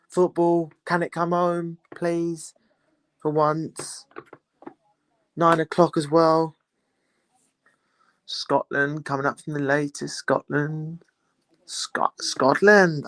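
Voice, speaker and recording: Young male streamer, slightly high, crisp tone, teasing, casual. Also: fairly bright tone, no echo. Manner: chatty, teasing banter with chat. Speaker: livestream host. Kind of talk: casual live watchalong chat.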